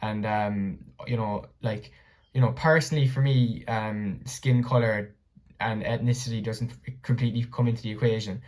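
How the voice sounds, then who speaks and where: A man's voice: on the low side, fairly even intonation, moderate pace, a little mellow. A man from Ireland hosting a podcast, talking in a loose, chatty way full of fillers. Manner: chatty, many fillers like "like" and "you know". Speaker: podcast host. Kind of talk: casual interview talk.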